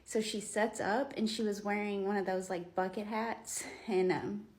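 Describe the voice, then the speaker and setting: A woman's voice: mid-range voice, steady tone, moderate pace, darkish tone. A woman, telling stories casually into her phone at home, rambling with lots of fillers. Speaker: vlogger. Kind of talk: casual storytelling.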